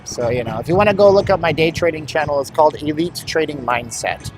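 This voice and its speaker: A man's voice: on the high side, quick pace, over music. A man live-streaming while walking outdoors on a hot city street, bluntly rambling to his chat. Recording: street traffic noise.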